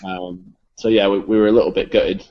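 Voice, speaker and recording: A low-voiced English man talks beer in an easygoing, rambling way, his phrases often fading out quietly. The sound is dull and a little lo-fi. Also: fairly quick. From England. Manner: relaxed, rambling, trails off softly. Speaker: guest from a beer shop. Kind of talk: casual chat.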